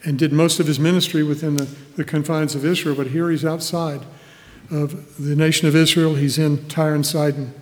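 A man's voice: fairly high pitch, a little mellow. A man preaching a sermon, reading scripture verses aloud and explaining them with an easy, chuckling manner. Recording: hall reverb.

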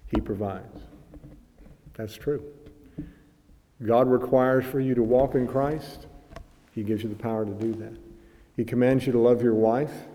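A man preaching a sermon in an earnest way, reading passages aloud and building to loud, emphatic peaks. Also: medium pitch, long reverb tail.

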